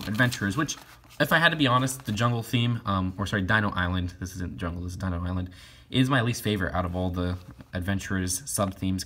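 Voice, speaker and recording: A man's voice: low-pitched, fairly bright tone, a little hiss or hum. A young man casually reviewing toy catalogs in a rambling way, with lots of fillers and restarts. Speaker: toy collector vlogger.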